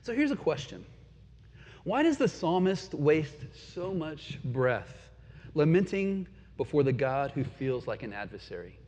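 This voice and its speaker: Earnest preacher in an echoing hall. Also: male voice, on the high side, big pitch swings, husky. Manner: earnest, reflective, rhetorical questions, drops to quiet pauses. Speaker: pastor. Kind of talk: sermon. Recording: dull lo-fi sound with long hall reverb.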